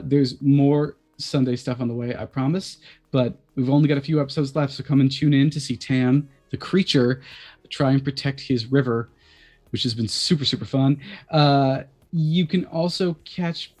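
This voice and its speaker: A man appearing as a guest on a live-streamed chat show, talking in an energetic, quick way. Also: mid-range voice.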